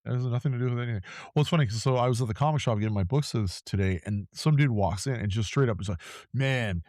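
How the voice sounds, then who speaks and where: A man's voice: mid-range voice, very fast, a little mellow, no echo, clean studio sound. A man co-hosting a podcast, chatting casually and acting out quoted people as he tells a story. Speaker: podcast co-host. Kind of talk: casual chat.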